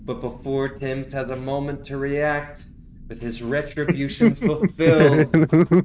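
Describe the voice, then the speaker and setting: A man's voice: mid-range voice, takes it slowly, crowd noise. A man running a tabletop game as game master, narrating dramatically.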